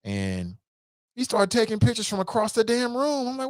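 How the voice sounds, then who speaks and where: An animated man hosts a talk show and tells a rambling story with a lot of jokes. His pitch swings widely while he acts out what people said. The sound is dry and close, with no room echo. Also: moderate pace. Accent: American. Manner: animated, jokey, acts out quotes with voices. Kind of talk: casual storytelling monologue.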